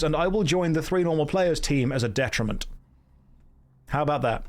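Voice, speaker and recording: A man in his thirties with a voice on the high side talks at a normal speed while streaming a game. He chats casually, trades jokes with his viewers, and reacts to them with self-mocking stories.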